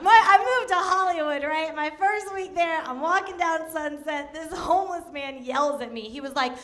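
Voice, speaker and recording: A woman's voice: high-pitched, moderate pace, bright, forceful tone. A woman from New York City doing a stand-up comedy set, laughing often through her lines. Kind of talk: stand-up routine. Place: comedy club stage.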